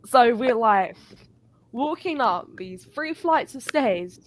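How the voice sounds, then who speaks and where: A woman telling an animated, sweary story in a casual live chat. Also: fairly high pitch, takes it slowly, a little hiss or hum. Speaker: guest.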